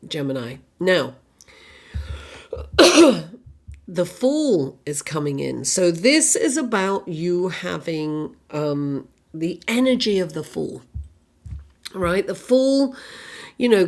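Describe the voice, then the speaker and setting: A woman's voice: on the low side, a little mellow. A woman giving a casual tarot reading, rambling and chatty with lots of "you know" and "right?", a little under the weather with a cough, and with an accent that is not American. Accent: non-American. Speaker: tarot reader.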